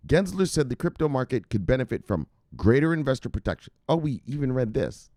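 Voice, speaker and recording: Animated, laughing male crypto commentator. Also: medium pitch, fairly quick, no room sound. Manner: rambling, laughing, profane, animated. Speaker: crypto news host. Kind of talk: casual news commentary.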